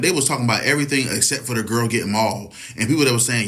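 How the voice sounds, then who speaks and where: A man's voice: medium pitch, very fast, fairly bright tone. A man giving a casual, rambling opinion monologue, swearing often and asking if you follow him. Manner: profane, rambling, keeps asking "you know what I'm saying".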